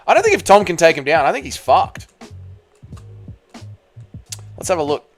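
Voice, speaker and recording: A man's voice: a little high, huge pitch swings, moderate pace, soft background music. A man with an Australian accent who streams live, chatting casually with his viewers and swearing freely. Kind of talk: casual livestream reaction chat.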